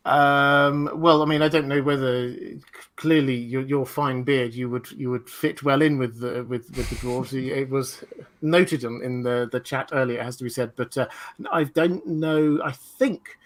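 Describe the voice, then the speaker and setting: A man's voice: medium pitch, fairly even intonation, measured pace. Rambling male livestream host. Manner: rambling, digressive, many fillers and restarts. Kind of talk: livestream discussion.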